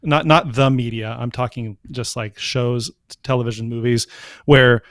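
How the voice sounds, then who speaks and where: A man co-hosting a casual podcast chat, laid-back and agreeable, quick to laugh. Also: mid-range voice, steady tone, dry recording, studio quality. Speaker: podcast co-host.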